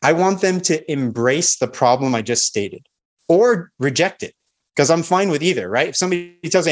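A man's voice: fairly high pitch, lively intonation, normal speed. Confident man teaching sales on a podcast. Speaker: sales expert guest. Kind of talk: podcast interview.

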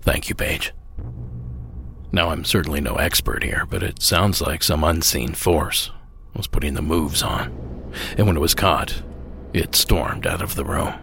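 Very deep gravelly male podcast host. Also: unhurried, fairly bright tone, slight background noise. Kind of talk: wry commentary.

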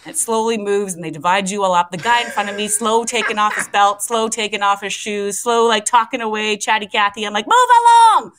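This mid-range female voice comes through poor audio with slight background noise, talking fairly quickly with few pauses. She's a middle-aged morning radio co-host, laughing her way through an animated story and acting out its characters' voices.

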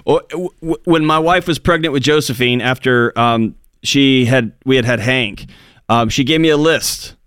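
A man co-hosting a call-in advice show, telling lively stories and acting out quotes. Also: mid-range voice, normal speed, clear, resonant tone, no echo, studio quality. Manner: animated storyteller, acts out quotes. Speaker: radio co-host. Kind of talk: call-in radio advice talk.

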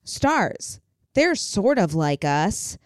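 A woman's voice: medium pitch, very animated, extremely slow, dry recording. Giggly young woman podcast co-host, dry sound. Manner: chatty, giggly, teasing. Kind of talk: casual chat.

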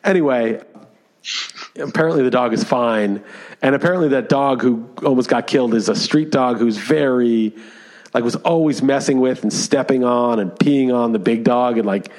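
Animated man telling a story. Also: mid-range voice. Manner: animated storytelling with many fillers. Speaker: podcast co-host. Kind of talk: casual chat.

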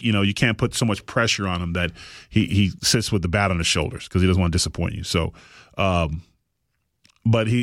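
A man hosting a podcast, telling a long story in casual chat, animated and rambling with frequent restarts. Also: lowish voice, dry recording, studio quality. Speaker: podcast host.

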